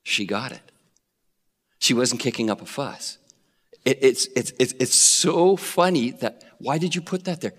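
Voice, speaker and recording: A male preacher telling a Bible story with animated flair, acting out the voices. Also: medium pitch, unhurried. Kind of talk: sermon. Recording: long reverb of a hall.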